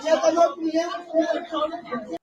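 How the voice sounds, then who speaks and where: Frantic shouting Irish man, loud crowd. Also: very high-pitched, flat delivery, slow. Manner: shouting, frantic, sobbing protests. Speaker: man being arrested. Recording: distant muffled phone video with loud crowd.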